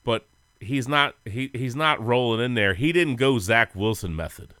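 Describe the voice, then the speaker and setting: A man's voice: mid-range voice, animated, normal speed, sharp tone, clear, resonant tone, dry recording, clean studio sound. A man co-hosting a sports podcast, telling rambling, goofy stories in casual chat and laughing often. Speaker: podcast co-host.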